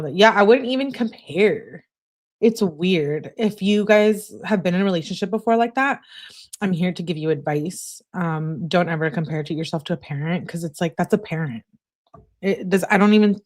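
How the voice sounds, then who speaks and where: A woman's voice: on the low side, a little mellow. A woman streamer giving blunt, casual live commentary and talking straight to her chat. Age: adult. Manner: blunt, chatty, talks to the chat. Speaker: true-crime commentary streamer. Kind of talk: casual live commentary, reading messages aloud.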